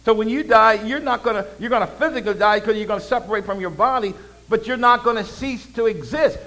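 High-voiced male preacher, call-and-response. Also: fast, poor audio. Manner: swings between loud proclaiming and low conversational asides. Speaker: pastor. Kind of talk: sermon.

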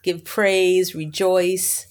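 A woman's voice: fairly low pitch, level tone, very slow. A woman co-hosting a casual faith-based podcast chat, upbeat and encouraging, laughing easily. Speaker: podcast co-host.

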